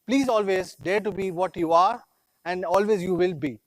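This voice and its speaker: Brief: male executive, higher voice, proud rallying keynote, dry close mic. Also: moderate pace, no echo, rough recording. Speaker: company executive presenting a product launch. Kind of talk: scripted keynote speech.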